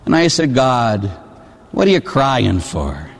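Lively male priest in a reverberant hall. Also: medium pitch, takes it slowly, vocal fry. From Pittsburgh. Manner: animated, acts out voices, shouts at peaks. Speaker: Catholic priest. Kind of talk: storytelling sermon.

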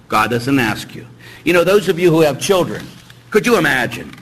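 A middle-aged man, a priest, preaching a sermon in an animated, joking way and acting out little dialogues. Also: on the high side, moderate pace, slight background noise, poor audio.

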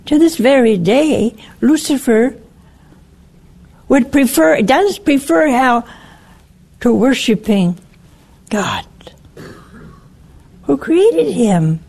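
A woman preaching a sermon in a slow, emphatic way, her voice rising on exclamations. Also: high-pitched, lively intonation, gravelly, a little mellow.

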